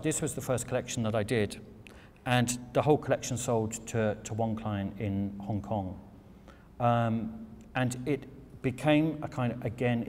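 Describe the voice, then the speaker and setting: A man's voice: fairly low pitch, a little mellow. A British man giving a lecture talk about his craft, candid and irreverent, swearing casually. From England. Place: lecture hall. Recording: long hall reverb, faint noise.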